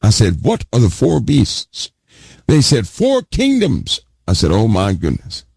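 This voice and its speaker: A man's voice: fairly low pitch, big pitch swings, measured pace, gravelly, darkish tone, husky, no echo. A man preaching a sermon, stressing key words over and over and putting questions to his listeners. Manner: emphatic, repeats key words, asks the audience questions. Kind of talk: sermon teaching.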